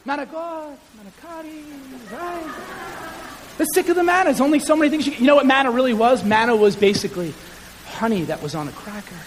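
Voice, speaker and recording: A high-voiced male pastor preaches to his congregation in an animated, chatty way and pokes fun at himself. His voice rings with a long hall reverb and a faint hiss sits under it. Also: very fast. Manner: animated, conversational, self-deprecating humor. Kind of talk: sermon. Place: church sanctuary.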